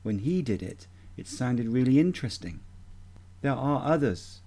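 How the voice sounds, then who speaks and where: A man giving a measured, deliberate instructional talk as a voice coach. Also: medium pitch, animated, mellow.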